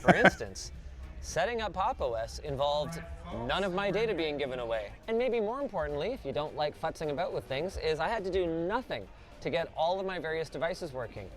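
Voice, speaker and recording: A man hosting a tech video, commenting excitedly as he tries games and software. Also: a little high, brisk, soft background music. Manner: excitable, exclamatory while gaming.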